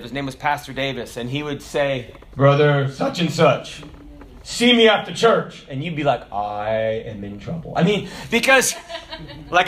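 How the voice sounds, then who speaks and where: A man in his forties delivers an animated sermon with a very high, bright voice. He swings from shouted declarations down to low, quiet asides. His tone stays ringing and forward throughout. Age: 40s. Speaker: pastor.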